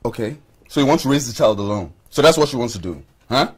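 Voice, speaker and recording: A pleading, defensive suitor. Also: male voice, mid-range voice, animated, fast, breathy edge. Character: earnest man, insistent, eager to care for her. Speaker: man trying to stay close to a pregnant woman. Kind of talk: film acting.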